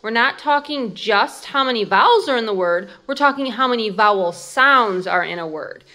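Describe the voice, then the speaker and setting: A woman teacher showing hands-on classroom activities, sounding words out slowly and clearly. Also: a little high, expressive, pushed and bright. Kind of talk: instructional demo.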